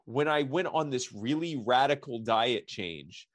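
A man's voice: medium pitch, lively intonation, measured pace, dry recording, clean studio sound. A man talking in a casual podcast conversation, rambling with lots of fillers and restarts. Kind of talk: casual chat.

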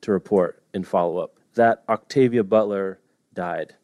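A man's voice: deep voice, a little slow, a little mellow, no room sound, clean studio sound. A man co-hosting a podcast about books, chatting casually and joking at his own stumbles over names. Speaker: podcast co-host. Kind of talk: casual chat.

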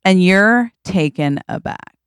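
Slow-talking woman co-host, playful. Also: mid-range voice, animated, clear, resonant tone, dry recording, studio quality. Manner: playful, reacting. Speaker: podcast co-host. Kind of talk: improvised comedy chat.

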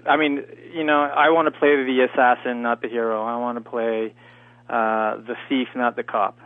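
A man's voice: mid-range voice, normal speed, no room sound. Man, native French speaker, from Canada, chatty interview guest, phone-like sound, dry. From Canada, near Montreal. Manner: relaxed, chatty, many fillers and restarts. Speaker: guest actor. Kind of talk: casual interview answers. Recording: tinny phone line, dry.

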